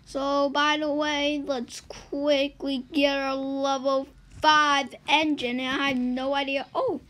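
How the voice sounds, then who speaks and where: A woman giving let's-play game commentary as a YouTuber, swinging between loud excited yelps and low muttered asides. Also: rough recording. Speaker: gaming YouTuber.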